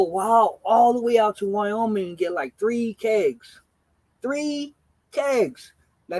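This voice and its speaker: A man's voice: high-pitched, no echo, poor audio. A man in his forties, a gaming streamer telling stories on a casual live stream in a laid-back, slangy way, swearing freely and greeting his chat.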